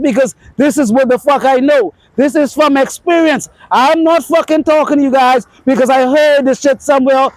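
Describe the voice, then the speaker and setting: A man's voice: very high voice, no echo, poor audio. A man ranting unscripted to camera with boastful, profane, emphatic dating advice.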